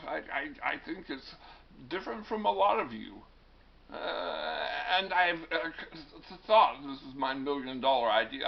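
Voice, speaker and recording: A man's voice: fairly high pitch, gravelly, highs cut off. A male teacher giving a classroom lecture in a wry, digressive way, often stumbling and restarting words.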